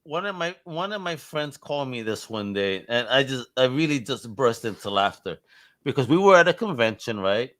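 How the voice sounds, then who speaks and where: A man's voice: medium pitch, very animated, fairly bright tone. A man with a New York accent hosting a podcast interview, joking and telling stories in casual chat. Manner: joking, storytelling, quick to laugh. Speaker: podcast host.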